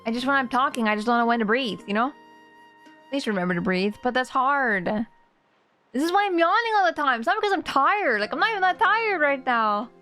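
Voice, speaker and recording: A woman's voice: sits high, very animated, a little fast, pushed and bright, faint music behind. A woman streamer chatting casually while she plays a game, rambling and laughing often.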